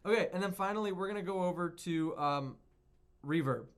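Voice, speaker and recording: A man's voice: high voice, brisk. A man giving a casual, rambling lesson on music production, often correcting himself as he goes. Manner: chatty, rambling, self-correcting.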